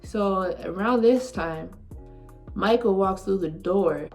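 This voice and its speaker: Taking it slowly over soft background music, this woman has a medium-pitched, slightly mellow voice. She's a twenty-something vlogger at home, rambling warmly through a personal story laced with "like".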